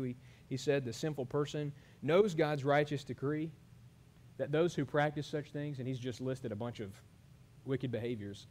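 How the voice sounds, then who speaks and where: A man's voice: mid-range voice, darkish tone. A man, preaching a sermon and putting earnest questions to his congregation. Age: 30s. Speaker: pastor.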